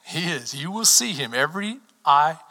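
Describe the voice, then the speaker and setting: Pastor guy preaching, high bright voice, goes from shouting to whispering, big echoey hall. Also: lively intonation, moderate pace. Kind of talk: sermon. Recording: reverberant hall.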